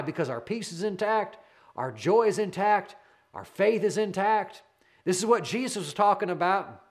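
A man delivering a sermon in a notably high voice, fervent and animated. He hammers his key lines again and again and speaks straight to the listener as a friend, rushing ahead when his excitement builds. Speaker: preacher.

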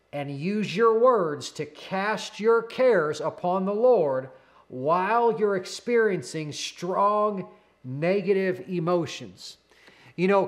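A man in his thirties preaching with a high, light voice. He presses his point through earnest, repeated declarations, speaking close to the mic. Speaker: pastor. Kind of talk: sermon.

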